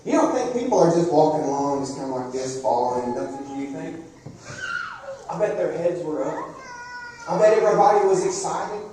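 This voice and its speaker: A man delivers a sermon with a mellow, warm tone, often turning to the congregation with questions. His voice carries through a very echoey church sanctuary, and the mic picks him up from some distance away. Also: fairly high pitch, expressive, normal speed, a little hiss or hum. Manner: conversational, asks the congregation questions. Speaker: preacher.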